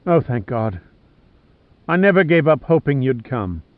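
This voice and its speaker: Stranded desperate woman, pleading and soft, voiced by a male narrator, tinny dry audio. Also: medium pitch, sing-song, unhurried, dry recording. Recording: dry, tinny phone-like sound.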